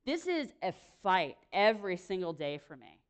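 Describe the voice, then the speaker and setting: A young woman speaking to a room, giving a lively, chatty sermon full of quick self-deprecating asides. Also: lowish voice, clean tone. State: pregnant. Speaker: speaker at a church or campus gathering. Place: room with an audience.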